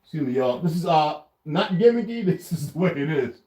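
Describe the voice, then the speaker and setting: A man's voice: fairly high pitch, animated, fairly quick, warm tone, far from the mic. A man chatting casually to his viewers in his home kitchen, laughing often and talking to his cat as he searches around. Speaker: vlogger. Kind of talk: casual rambling vlog. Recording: roomy, off-mic, faint noise.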